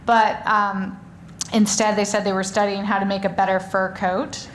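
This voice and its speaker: A woman's voice: mid-range voice, flat delivery, moderate pace, slight background noise. A woman author talking on stage before an audience, rambling in a chatty way with many fillers and restarts. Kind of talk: live stage conversation.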